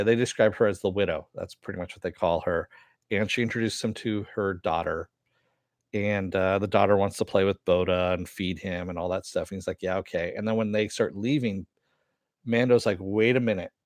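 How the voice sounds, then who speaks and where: Relaxed male reviewer with a lower voice, dry booth-like sound, rambling retell full of fillers. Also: no room sound. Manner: rambling, filler-heavy retelling with casual swearing. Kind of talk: casual episode recap.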